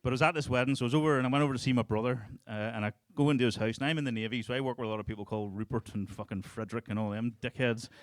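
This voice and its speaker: A man's voice: mid-range voice, steady tone, rapid-fire, few pauses, dry recording. A man in his thirties with a strong Northern Irish accent, telling crude stories in a stand-up set on a club stage. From Northern Ireland. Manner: crude, storytelling, laughing through punchlines. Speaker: stand-up comedian.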